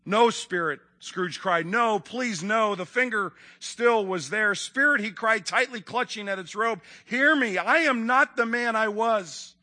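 Desperate old miser begging for mercy, a man reading him aloud, pitched up, bright and tense. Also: unhurried, few pauses, exaggerated voice. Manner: desperate, begging, raised and urgent. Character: frightened, pleading old male miser.

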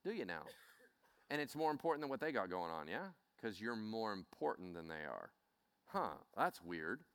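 A man preaching a Bible teaching in an animated way, acting out scenes as he speaks. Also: lowish voice, normal speed, clear, resonant tone. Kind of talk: sermon.

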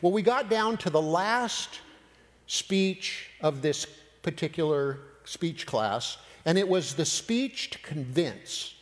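Guy preaching, acts out the conversations, kinda high voice, big hall echo. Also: slow pace. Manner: animated storytelling, acting out dialogue. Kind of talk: sermon storytelling. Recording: long hall reverb.

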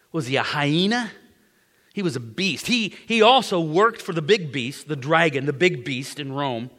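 High-voiced dramatic preacher. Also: male voice, big-room sound. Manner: dramatic, repeats phrases, swings from whispers to loud. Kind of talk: sermon storytelling.

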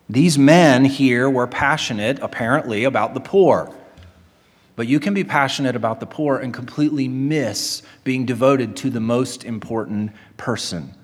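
A man preaching a sermon in an earnest, emphatic way, asking rhetorical questions and answering them. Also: mid-range voice. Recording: long hall reverb.

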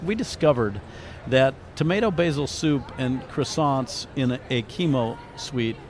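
A man's voice: mid-range voice, animated, unhurried, slight background noise. A middle-aged man, a guest on a faith radio interview, telling a heartfelt personal story in an earnest, reflective way. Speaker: interview guest, author and ministry founder.

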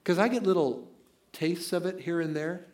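A man's voice: sits high, normal speed, a little mellow. A middle-aged man preaching a conversational, emphatic sermon as pastor in a church sanctuary.

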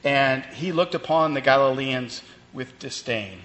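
Here a pastor speaks unhurriedly in a medium, somewhat bright voice, though the audio sounds dull. His sermon is conversational, full of fillers and restarts while he works through the text, with long reverb and a faint hum of ambient noise.

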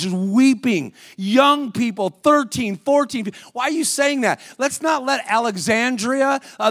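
A man's voice: sits high, no echo, studio quality. A man preaching a sermon as a guest speaker in a church, calling out to the congregation and acting out voices in his stories. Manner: energetic, calls out to the congregation, acts out voices in stories.

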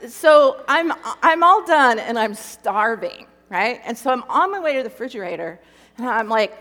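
A woman's voice: fairly high pitch, normal speed. Woman telling a story in a reverberant hall. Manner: conversational storytelling with lively re-enacted inner speech. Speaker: Christian speaker. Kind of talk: personal testimony talk.

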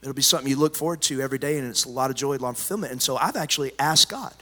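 A man preaching a sermon to a church, swinging between loud, animated preaching and quiet storytelling. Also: mid-range voice, very fast. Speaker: pastor. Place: church sanctuary. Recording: live church hall with long reverb.

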